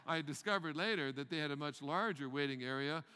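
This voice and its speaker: An older man telling a funny personal story, acting out the panic in a loud voice, with frequent stammers and repeated words. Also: a little high, brisk, clean tone, big-room sound. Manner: animated, acts out the panicked scenes loudly, stammers and repeats words. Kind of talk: humorous storytelling talk.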